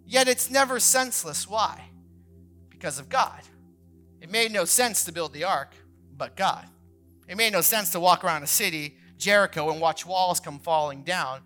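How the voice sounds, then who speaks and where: A man in his thirties, a pastor, preaching a sermon that opens with a personal story, animated and acting out the people he quotes. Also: sits high, moderate pace, faint music behind. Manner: animated storyteller, acts out quoted voices, many fillers like "like".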